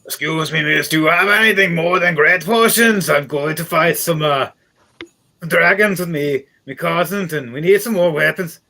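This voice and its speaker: A man's voice: a little high, normal speed, gravelly, bright, forceful tone, pitched above the performer's own voice, full character voice. A man voicing a short, brash dwarf who talks of fighting dragons with his cousins. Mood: eager.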